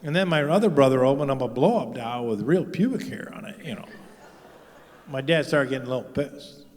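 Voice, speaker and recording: A male stand-up comedian rambles through a crude set in an average-pitched voice, leaning on "you know" between lines. He is heard on a handheld mic in a live show with a long, hanging reverb. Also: animated, brisk, a little mellow. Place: live stage show in a large venue. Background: audience laughter.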